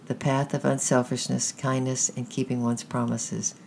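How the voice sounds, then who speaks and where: A storyteller reading a children's story aloud at a measured, gentle pace. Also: medium pitch, little pitch movement, vocal fry, slight background noise.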